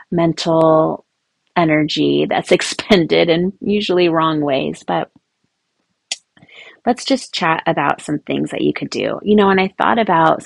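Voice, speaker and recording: A woman hosting a casual advice talk for mothers, chatty and animated, acting out little quoted lines. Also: low voice, dry recording. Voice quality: gravelly, husky. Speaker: podcast host speaking to mothers.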